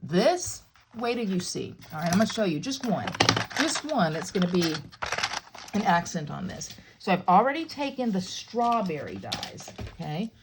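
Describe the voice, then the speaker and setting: Chatty woman with a lively, gravelly voice. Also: fairly low pitch, normal speed, noisy background. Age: middle-aged. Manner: chatty and playful, jokes with viewers. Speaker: crafting tutorial host. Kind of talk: casual craft demonstration.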